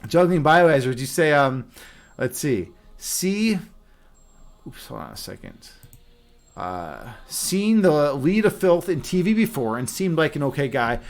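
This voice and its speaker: Man, young adult, streamer, casual rambling chat, many fillers, slightly high pitch. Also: expressive, a little slow, faint music behind.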